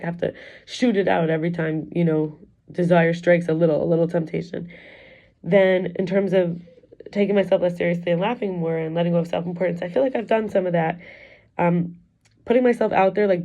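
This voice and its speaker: Low, mellow-voiced woman musing candidly. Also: dull audio. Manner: candid, rambling, confessional. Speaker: wellness coach and teacher. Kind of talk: personal reflective vlog.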